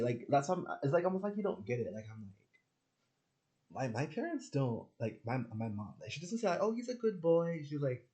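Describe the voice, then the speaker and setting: This Jamaican man, a spiritual content creator, rants through a casual monologue in a lowish, dark voice. He rambles and swears, restarting often and saying "like" a lot. The audio quality is poor.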